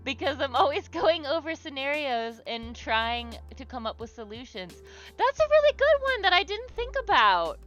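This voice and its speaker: Her voice sits high, a bit bright, with big pitch swings at a normal speed, in lo-fi audio with soft background music. The young woman chats casually on a livestream as she draws for an art therapy exercise, rambling with lots of fillers and restarts while encouraging viewers.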